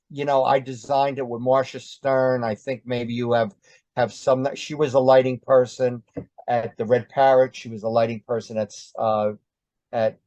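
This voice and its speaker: An older man tells his story in a loose, meandering way and keeps pausing on ums and uhs. The sound is dry and a little dull, with no room tone. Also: mid-range voice, a little mellow, no room sound. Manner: rambling, many ums and uhs. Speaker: interview guest. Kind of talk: casual storytelling.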